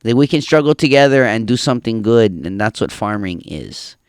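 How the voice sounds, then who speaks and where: Smooth-voiced Hawaiian Pidgin man. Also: fairly low pitch, animated, fairly quick, dry recording, clean studio sound. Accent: Hawaiian Pidgin English. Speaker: podcast host. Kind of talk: casual chat. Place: farm.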